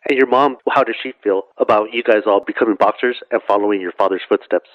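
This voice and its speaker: A man with a lowish voice asks questions as an interviewer, starting and restarting as he fills the gaps with small verbal padding. The recording is dull and lo-fi, close and dry with no room sound. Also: dry recording. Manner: halting, padded with "you know".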